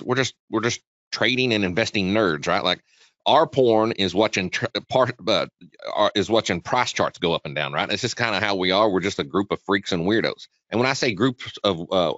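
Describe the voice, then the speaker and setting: A man hosting a live trading webinar, chatty and energetic, talking quickly with frequent restarts. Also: fairly low pitch, no room sound. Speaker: webinar host, trading educator. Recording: dull, dry lo-fi sound.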